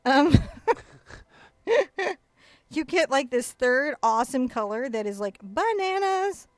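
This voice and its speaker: A woman's voice: high voice, slow pace, dry recording. A woman hosting a live painting tutorial, chatty and playful, guiding step by step. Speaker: painting instructor and host. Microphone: new headset-style mic.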